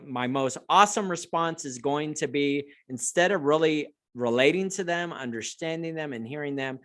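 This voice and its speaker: A man talks as a guest in a relaxed conversation, his pitch in the middle range. He speaks earnestly and thoughtfully, often restarting his sentences. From United States. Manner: earnest, reflective, with halting restarts. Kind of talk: casual chat.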